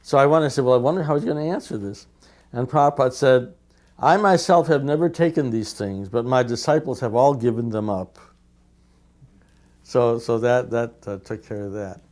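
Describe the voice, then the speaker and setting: A man with a middle-pitched voice tells stories with lively energy. He acts out the lines of the people he quotes as he goes. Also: normal speed. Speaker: devotee telling anecdotes. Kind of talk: anecdotal storytelling.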